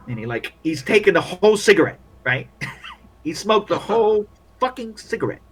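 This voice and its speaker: Man, game master, casual narration, husky, slightly high voice. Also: big pitch swings, moderate pace, fairly bright tone, low-quality recording. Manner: casual, loose narration with filler words.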